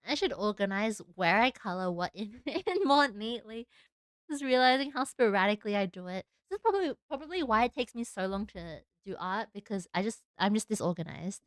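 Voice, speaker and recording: A woman's voice: medium pitch, lively intonation, a little fast, no room sound, studio quality. A young woman with an Australian accent, chatting casually to her stream while she draws and giggling at herself. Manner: chatty, self-mocking, giggly asides. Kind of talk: casual chat while drawing.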